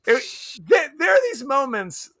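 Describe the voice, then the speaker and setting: A man's voice: very high-pitched, sing-song, a little slow, a bit bright. A man co-hosting a podcast, chatting casually and animatedly about a movie, often laughing and acting out lines. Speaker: podcast co-host.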